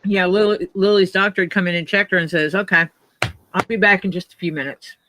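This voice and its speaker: A man with a high, bright voice chatting casually and telling stories with dry humor. The sound is close and dry. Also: steady tone, brisk, dry recording. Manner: dry, joking storyteller. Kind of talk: casual chat.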